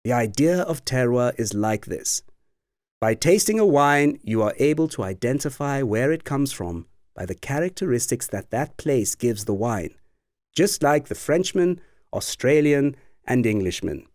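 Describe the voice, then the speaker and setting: Expressive male wine course narrator. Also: medium pitch, a little slow, no echo, clean studio sound. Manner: clear, explanatory, expressive delivery. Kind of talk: scripted educational narration.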